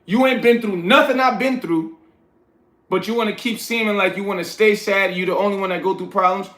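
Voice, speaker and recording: A livestream host from New York, blunt and lecturing, reads his chat aloud in a casual stream. His voice is high and fairly bright, his intonation fairly even, and his pace a little fast, all in an echoey, roomy room.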